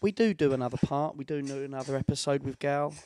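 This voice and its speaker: A man's voice: mid-range voice, fast talker, a little mellow. A man co-hosting a podcast, chatting casually and joking with his guest. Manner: jokey, banters and teases. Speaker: podcast co-host. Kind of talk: casual chat.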